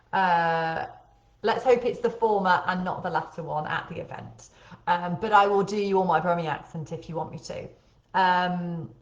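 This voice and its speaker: Brief: lower-pitched woman host, faint Birmingham accent, chatty live webinar, echoey room. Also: highs cut off. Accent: light Birmingham. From Birmingham, England. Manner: chatty, many ums.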